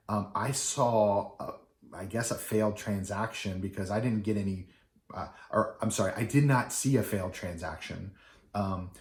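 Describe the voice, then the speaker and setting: Rambling low-voiced man in an echoey room. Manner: rambling with many fillers and restarts, acting out quoted people. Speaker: wedding DJ. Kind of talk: casual storytelling.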